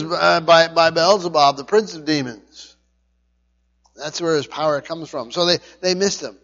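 A man preaching a verse-by-verse Bible teaching, stumbling and repeating words, his voice rising loud and then dropping quiet. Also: a little high, creaky, big-room sound, dull audio. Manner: halting, repeats words often, swings between loud and quiet. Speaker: pastor.

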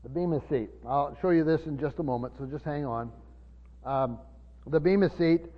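A man preaching a sermon, teaching from the Bible in a halting way with many fillers and restarts, slowing down to stress key words. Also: on the high side. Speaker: pastor. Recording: muffled sermon recording in a reverberant hall.

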